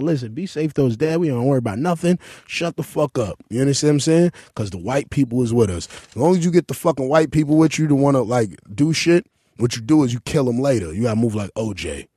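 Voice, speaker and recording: A man hosting a casual chat, talking in a brash, profane way and jumping into high-pitched outbursts while telling stories. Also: expressive, fast talker, warm tone, slightly rough, no room sound, clean studio sound.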